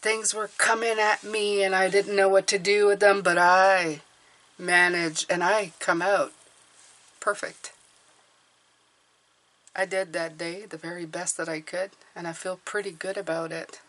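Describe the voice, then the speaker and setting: A woman's voice: mid-range voice, little pitch movement, measured pace, a bit bright. A woman reading tarot cards for her viewers, talking earnestly and encouragingly, often checking in with "okay?". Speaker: tarot reader.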